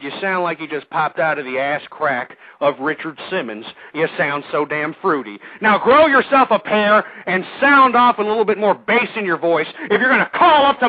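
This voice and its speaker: A man's voice: high-pitched, no echo. A man hosting a call-in radio show, ranting in a combative, insulting, repetitive way at his listeners and callers. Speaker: radio talk show host. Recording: dry tinny phone-like lo-fi audio.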